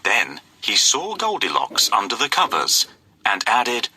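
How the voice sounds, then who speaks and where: A man's voice: lowish voice, husky, dry recording. A man narrating a children's storybook in a theatrical way, voicing the characters as he goes. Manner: very animated, slow and theatrical.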